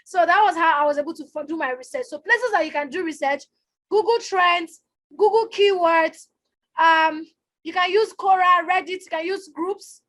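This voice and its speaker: Energetic, shouty high-voiced woman coach. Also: normal speed. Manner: loud, emphatic, repeats for emphasis. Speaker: online business coach. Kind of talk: live-stream teaching. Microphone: phone or webcam on a live stream.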